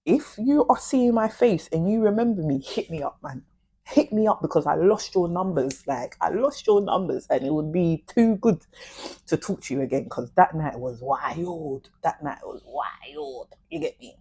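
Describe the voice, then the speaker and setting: A young woman, talking straight to her viewers in a casual, animated storytime full of slang. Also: fairly low pitch, moderate pace, gravelly, husky. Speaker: vlogger.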